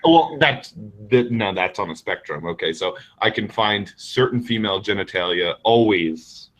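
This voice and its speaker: A man's voice: fairly low pitch, animated, moderate pace, a bit bright, low-quality recording. Candid rambling male host. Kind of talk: casual chat.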